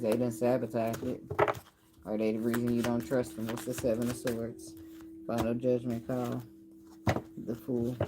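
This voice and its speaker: A woman's voice: extremely low pitch, noisy background. A woman giving a casual tarot reading, blunt and loose, swearing as she thinks aloud. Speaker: tarot reader. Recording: card shuffling and clicks behind the voice. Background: cards shuffling, clicks.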